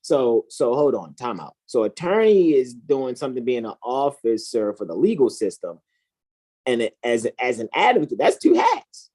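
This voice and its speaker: A woman's voice: sing-song, moderate pace, warm tone. A woman co-hosting a heated, casual discussion, talking in an emphatic, profane and preachy way. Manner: emphatic, profane, preachy, swings between high and low pitch. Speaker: co-host.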